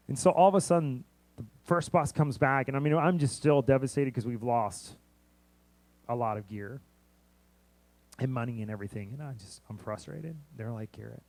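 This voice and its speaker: A man, a missionary preacher, telling a long story in a sermon, often repeating words and restarting, lively when he quotes others. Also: medium pitch, fast talker. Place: church sanctuary.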